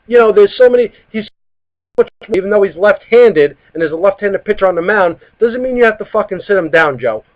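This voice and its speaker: A man's voice: sits high, lively intonation, brisk. Heated, profane New man ranting. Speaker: sports talk show host. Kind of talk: live web sports talk. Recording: dull lo-fi live stream audio.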